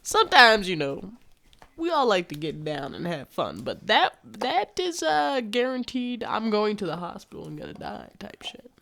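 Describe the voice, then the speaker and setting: Animated young woman telling a story. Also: medium pitch, moderate pace, vocal fry. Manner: animated, swears freely, slangy, acts out quoted dialogue. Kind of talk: casual storytime vlog.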